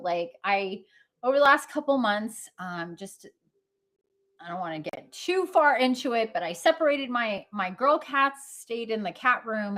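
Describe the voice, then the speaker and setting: A woman hosting a livestream, talking in a casual, rambling way full of fillers and restarts, and laughing easily. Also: mid-range voice. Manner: chatty, meandering, many fillers and restarts. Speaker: livestream host.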